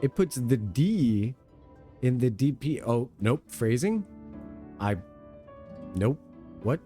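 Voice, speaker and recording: A man's voice: mid-range voice, sing-song, slow pace, warm tone, faint music behind. A man from Europe giving playful, chatty commentary as he streams a game, laughing at his own jokes. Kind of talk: casual gameplay commentary.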